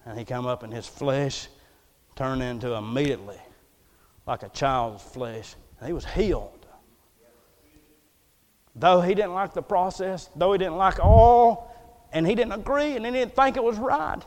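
A man preaching a folksy, emphatic storytelling sermon. He swings between loud bursts and hushed asides. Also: fairly high pitch, unhurried, long pauses. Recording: long hall reverb.

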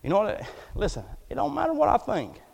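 A man preaching a folksy, emphatic storytelling sermon. He swings between loud bursts and hushed asides. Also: high-pitched, huge pitch swings, fairly quick, gravelly. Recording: long hall reverb.

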